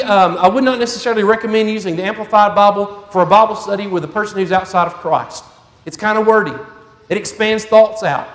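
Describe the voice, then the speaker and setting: High-voiced preacher in an echoey hall. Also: male voice, a bit bright. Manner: folksy storytelling. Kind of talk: sermon. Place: church sanctuary.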